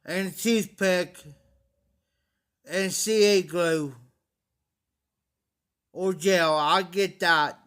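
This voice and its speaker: A man's voice: sits high, steady tone, very slow, long pauses, a bit bright, smooth. A man hosting a casual livestream, talking anxiously to viewers, pleading for help and repeating himself. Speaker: livestream host.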